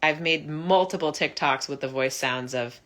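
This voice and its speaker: A young woman telling her own recovery story in an earnest, heartfelt monologue, often halting and restarting. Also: low-pitched, fairly bright tone. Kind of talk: personal reflective monologue.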